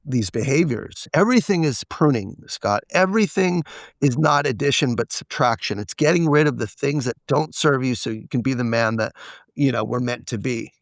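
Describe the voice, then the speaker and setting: A man's voice: mid-range voice, normal speed, no echo. A man as a podcast guest, candidly telling a personal story and acting out the quoted dialogue. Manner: confessional, acts out quoted dialogue.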